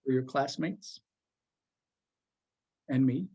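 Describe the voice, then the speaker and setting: A man's voice: mid-range voice, slow pace, dark tone, breathy edge, muffled recording. A man teaching a class in a casual, rambling way, joking with his students and using lots of fillers.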